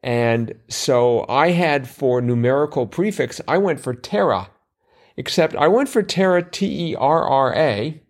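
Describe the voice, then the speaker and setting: A man of middle pitch co-hosting a casual podcast about the daily crossword. He thinks aloud, muses over clues and pokes fun at his own mistakes. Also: animated, a little slow. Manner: musing, self-deprecating, thinks aloud with fillers. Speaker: podcast co-host.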